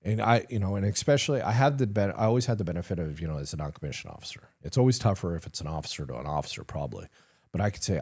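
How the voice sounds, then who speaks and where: Man, middle-aged, low husky voice, animated swings in pitch, candid storytelling with acted-out quotes. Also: very fast. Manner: animated, acts out quoted dialogue, swears casually, laughs at himself. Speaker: retired command sergeant major, guest.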